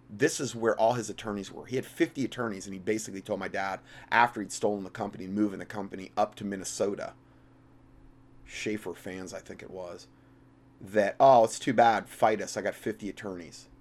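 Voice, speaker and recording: Impassioned man in a rambling monologue. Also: medium pitch. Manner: impassioned, rambling, with frequent restarts and big swings in loudness. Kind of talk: religious political commentary monologue.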